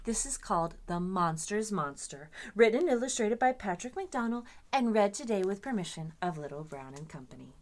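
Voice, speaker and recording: A woman librarian reading a picture book aloud to children with expressive, dramatic storytelling. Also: mid-range voice, moderate pace, hardly any pauses.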